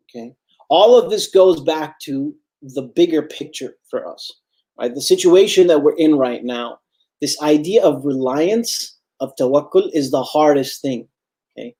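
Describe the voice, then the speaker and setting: A man's voice: fairly high pitch, darkish tone. A man giving a Friday sermon as imam, earnest and repetitive for emphasis, addressing his listeners as brothers and sisters.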